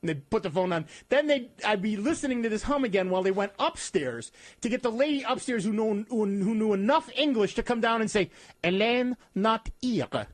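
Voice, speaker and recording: A male radio host with a slightly high voice, chatting loosely on air and poking fun at himself as he goes. He laughs often. He talks into a studio mic, and the sound is close and dry, with no room echo. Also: expressive, a little fast. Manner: rambling, self-mocking storyteller who laughs often. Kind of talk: casual on-air chat.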